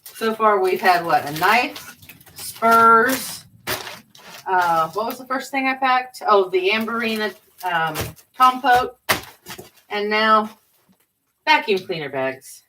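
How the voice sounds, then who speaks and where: A woman's voice: mid-range voice, animated, takes it slowly, long pauses, noisy background. A woman selling online, chatting casually on a live stream while packing orders and baby-talking to her pets. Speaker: online seller.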